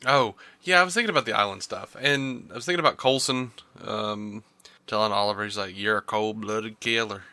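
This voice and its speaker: A man's voice: on the low side, fairly quick, pushed and bright, dry recording. A man co-hosting a podcast, chatting casually about a TV episode in a laid-back, wry way. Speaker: podcast co-host. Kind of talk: casual TV review chat.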